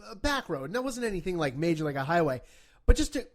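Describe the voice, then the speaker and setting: A podcast guest with a somewhat high voice who rambles through stories with a lot of fillers and swearing. He often pokes fun at himself. He talks in a loose, conversational way. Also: big pitch swings, fast. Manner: rambling, profane, self-deprecating storytelling. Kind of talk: casual podcast chat.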